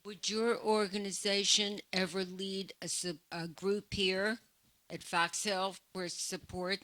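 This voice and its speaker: A woman's voice: mid-range voice, flat delivery, slow pace, pushed and bright. A woman in the audience asking a question, hesitant and searching for words. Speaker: audience member.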